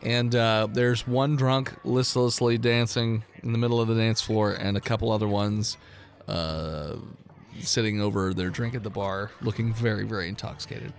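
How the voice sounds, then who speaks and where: A man's voice: on the low side, fairly even intonation, normal speed, soft background music. A man narrating a tabletop game as game master, joking and laughing often. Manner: laughing, jokey, slips into silly character voices.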